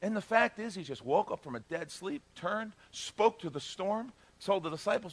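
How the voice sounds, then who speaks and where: A middle-aged male pastor preaching a sermon, telling the story with animated, joking delivery and acting out the characters' lines. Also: high voice, normal speed, hardly any pauses. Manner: animated storytelling, acts out voices, jokes with the congregation.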